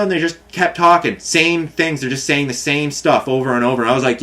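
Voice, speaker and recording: A man's voice: a little high, fairly even intonation, a little fast, hardly any pauses, bright, forceful tone. A man telling a long complaint story in a casual monologue, rambling and frustrated, with many fillers and restarts. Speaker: vlogger.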